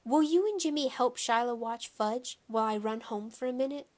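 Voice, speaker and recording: A woman voicing a flustered mother, hurried and fretful, with a lifted voice. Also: fairly high pitch, lightly acted. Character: flustered, fussing young mother.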